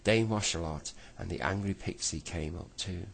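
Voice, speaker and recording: A man reading a bedtime story aloud in a slow, unhurried way, with small slips. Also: deep voice, gravelly, fairly bright tone, slight background noise.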